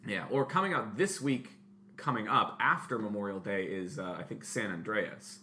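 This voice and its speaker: A man's voice: lowish voice, normal speed, pushed and bright, slight background noise. A man in his late thirties co-hosting a podcast, chatting casually and rambling with many fillers, restarts and casual swearing. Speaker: podcast co-host. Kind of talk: casual chat.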